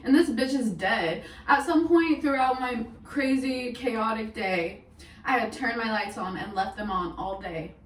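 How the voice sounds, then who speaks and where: A young woman vlogger tells a story in a casual, chatty way, swearing plenty and laughing as she goes. Her voice is a little high and a little slow, captured by a distant mic in an echoey room with faint hiss.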